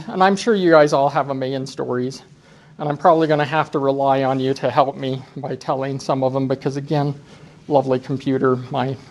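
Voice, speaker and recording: A man giving a conference talk as a driver trainer, telling self-deprecating stories and acting out what people said. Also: a little high. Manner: animated, self-deprecating storyteller acting out quotes. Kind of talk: storytelling presentation. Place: conference session room.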